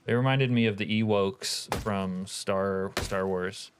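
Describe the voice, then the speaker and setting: Male streamer, low voice, relaxed profane chat-reading banter. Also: slow pace, background noise. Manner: laid-back, profane, reads chat aloud. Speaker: game streamer. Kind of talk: casual live-stream commentary.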